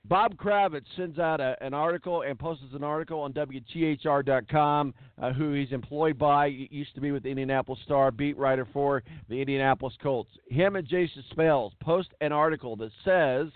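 A man's voice: a little high, moderate pace, few pauses, dry recording. A man hosting a sports talk show, ranting bluntly and hammering words for emphasis. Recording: tinny phone-like dry sound.

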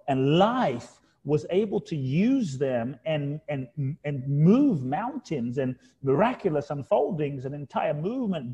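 A guest author in his middle years tells a reflective, personal story during an interview, earnest and heartfelt, stressing key words by repeating them. His voice is a little high and warm, and the sound is lo-fi.

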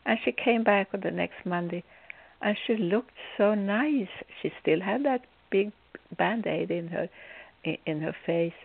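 Gravelly-voiced woman healer telling stories all theatrical, thin phone-ish sound. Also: medium pitch, unhurried, no room sound. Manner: theatrical, acts out scenes with humor. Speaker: spiritual healer. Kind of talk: inspirational talk with storytelling. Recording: tinny phone-like, dry sound.

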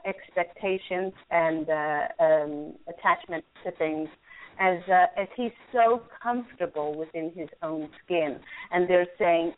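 A woman hosting a call-in radio show, giving angel card readings in a soothing, encouraging way with frequent laughs. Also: medium pitch. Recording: phone-like lo-fi line.

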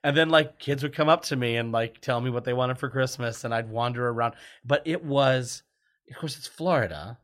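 A guest who works as a TV writer tells casual stories, chatty and self-deprecating, laughing often. His voice is mid-range and a bit bright, at normal speed.

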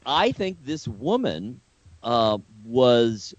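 A man co-hosting a podcast, musing reflectively in a measured way. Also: mid-range voice, very animated, darkish tone, highs cut off. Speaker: podcast co-host. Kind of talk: casual interview conversation.

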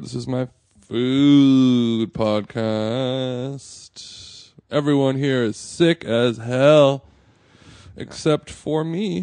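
A man's voice: mid-range voice, creaky, darkish tone, dry recording. A man hosting a food podcast, telling stories and joking in casual chat with friends. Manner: joking, storytelling. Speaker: podcast host.

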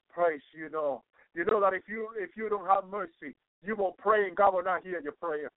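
A man with a high voice delivers a fervent radio sermon, circling back over his phrases and sprinkling in constant praises to the Lord. The sound is thin and phone-like, dry with no room around it. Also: no echo. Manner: repeats and restarts phrases for emphasis. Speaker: radio preacher. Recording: narrow phone-like radio line.

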